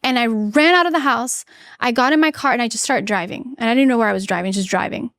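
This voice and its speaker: A woman's voice: fairly high pitch, fast, a bit bright, no echo. A woman in her thirties, a podcast guest, earnestly telling a personal story and acting out what people said. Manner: candid, earnest, acts out her own quoted lines.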